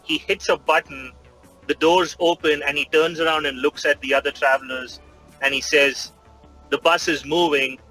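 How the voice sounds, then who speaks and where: A man's voice: fairly high pitch, flat delivery, moderate pace, pushed and bright, soft background music, poor audio. A man narrating his character's actions in a tabletop game, rambling with many fillers. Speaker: player.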